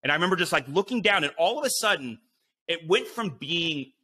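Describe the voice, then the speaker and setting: Bright, forceful man telling a wild story. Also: on the high side, lively intonation, brisk, breathy edge. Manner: vivid retelling that acts out his own inner voice, with frequent swearing and fillers. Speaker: podcast guest, BASE jumper. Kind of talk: animated storytelling.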